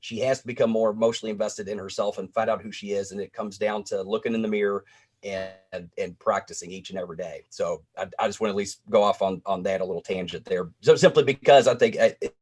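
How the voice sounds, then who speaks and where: A man's voice: fairly low pitch, fast talker, a little mellow, slightly rough. A man co-hosting a wrestling review podcast, talking earnestly and at length with frequent restarts. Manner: earnest, lecturing, lots of restarts. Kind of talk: casual podcast chat.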